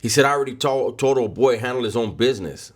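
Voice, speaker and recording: A man's voice: medium pitch, fast, husky. A man telling a first-person story in a casual, blunt way, full of street slang and cursing.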